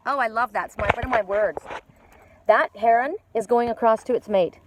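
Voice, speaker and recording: A woman's voice: on the high side, fast talker. A woman doing a live oracle card reading outdoors by a lake, chatty and blunt, swearing casually.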